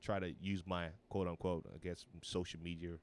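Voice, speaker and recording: A man's voice: normal speed, clear, resonant tone. A man in his thirties, a comedian guest on a podcast, telling a wild party story in casual chat, swearing freely and acting out other people's lines in a raised voice. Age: 30s. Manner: animated, swearing, acts out quotes in a high voice.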